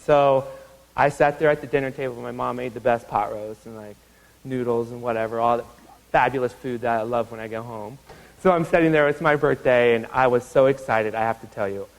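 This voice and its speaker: A man's voice: a little fast, creaky, long reverb tail, poor audio. A man in his thirties from Iowa giving a university lecture, telling stories and acting out the people in them with big jumps in his voice. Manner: animated, acts out quoted voices with big pitch jumps. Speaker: guest lecturer. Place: lecture hall.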